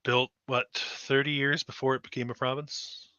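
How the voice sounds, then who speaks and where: A Canadian man with a very bright, sharp voice, trading dry quips in a relaxed live-stream chat. The sound is close and dead, with a dull lo-fi edge to it. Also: mid-range voice, moderate pace, clear, resonant tone, dry recording. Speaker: channel host.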